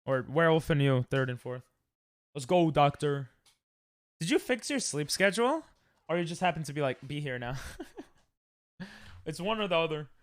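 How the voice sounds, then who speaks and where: A young man streaming a game, chatting casually with viewers and yelping loudly when he loses. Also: fairly high pitch, lively intonation, normal speed, dry recording. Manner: rambling, loud yelps when dying in game. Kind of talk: casual live-stream chat while gaming.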